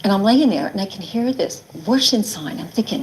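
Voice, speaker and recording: A woman's voice: medium pitch, lively intonation, fairly quick, darkish tone, a little hiss or hum, low-quality recording. A middle-aged woman giving earnest interview testimony, retelling events and quoting what was said with frequent "like" fillers. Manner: earnest, quotes herself and others, many "like" fillers. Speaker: interviewee recounting her ordeal.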